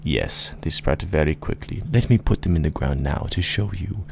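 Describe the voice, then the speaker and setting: Man doing old wizard, male, stately, proclaiming, slow, gravelly. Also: very deep voice, slight background noise. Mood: grand.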